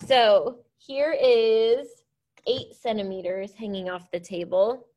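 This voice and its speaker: A woman's voice: a little high, slow pace, a little mellow, highs cut off. A woman teacher leading a science lesson, explaining step by step in an upbeat, encouraging way. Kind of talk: classroom science demonstration.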